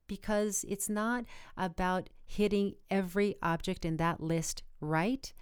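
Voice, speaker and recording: A woman's voice: medium pitch, steady tone, measured pace, few pauses, clean tone, dry recording. Earnest encouraging woman, dry close sound. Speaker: podcast guest. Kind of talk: motivational podcast conversation.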